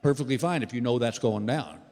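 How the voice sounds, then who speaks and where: A comedian in his sixties works a theater crowd, telling animated stories and talking to the people in the seats. His mid-range voice runs a little quick. Faint noise and long theater reverb are present.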